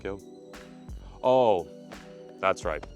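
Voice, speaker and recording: A man narrating a fishing vlog to camera outdoors by a remote lake, energetic and jokey. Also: deep voice, drawn-out words, faint music behind. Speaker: fishing vlogger.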